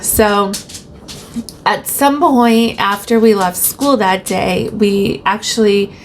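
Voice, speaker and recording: A woman's voice: mid-range voice, slow, slight background noise. A woman who teaches, telling a personal story casually on her vlog and retelling conversations in her own voice.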